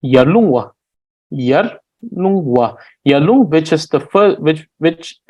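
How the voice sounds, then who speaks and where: A man's voice: a little high, lively intonation, warm tone, rough recording. A man teaching a recorded grammar lesson, explaining patiently with frequent fillers and restarts. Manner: slow, patient explaining with fillers and restarts, drawing out example words. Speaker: language teacher.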